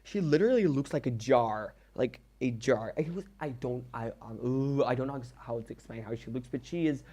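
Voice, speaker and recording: Young man, Dutch accent, non-native English; casual rambling voiceover, halting and self-deprecating. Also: mid-range voice, dark tone. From Netherlands. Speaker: game builder.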